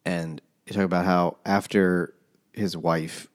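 Very deep-voiced laid-back man. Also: level tone, a little slow. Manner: laid-back summarizing with many fillers. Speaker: podcast co-host. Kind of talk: casual book chat.

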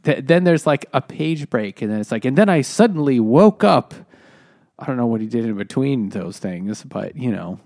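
A man's voice: mid-range voice, moderate pace, hardly any pauses, a little mellow. A man casually retelling a book's plot in a rambling, laughing way.

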